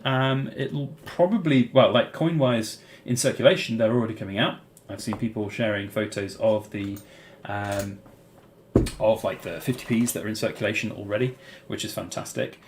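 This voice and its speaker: A man's voice: lowish voice, fairly even intonation, moderate pace, a little hiss or hum. A British man hosting a casual live-stream Q&A, answering viewers' chat questions in a rambling way with plenty of "um" and "uh". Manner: rambling, many fillers and restarts.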